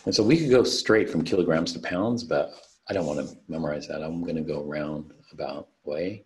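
A man's voice: rumbling low, normal speed, darkish tone. A man teaching a recorded online chemistry lesson, talking through unit conversions step by step in a methodical way. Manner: methodical, talks through worked problems step by step. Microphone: computer mic on a video call.

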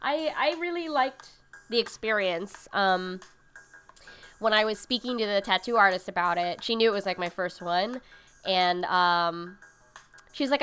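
This cooking livestream host speaks at medium pitch and a moderate pace, her tone fairly bright. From her home setup she reads viewer comments aloud and chats with them, wandering off track with lots of filler words.

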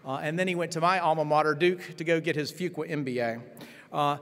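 A man's voice: fairly high pitch, fairly even intonation, fairly quick, fairly bright tone. A man introducing a keynote speaker at a conference, reading with fillers and restarts. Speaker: event host introducing the speaker. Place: large conference hall. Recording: long reverb of a conference hall.

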